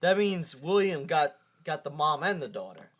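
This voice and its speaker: Man, high voice, podcast co-host, jokey, laughs a lot. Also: very animated, moderate pace, a bit bright. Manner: joking, laughs often. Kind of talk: casual chat.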